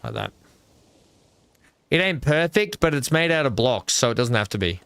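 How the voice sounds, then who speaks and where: A man streams a park-building game and chats casually with viewers, rambling, mocking himself and thinking aloud through plenty of fillers. His mid-range voice is very animated, creaky and fairly bright, at a moderate pace. The recording is clean with no room sound.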